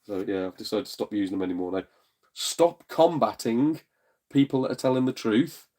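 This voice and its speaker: A man's voice: fairly low pitch, racing, dark tone. A man hosting a casual live stream from his front room, chatting to viewers in a blunt, jokey way, now and then swearing and putting on voices when he retells exchanges. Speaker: streamer and gaming channel host.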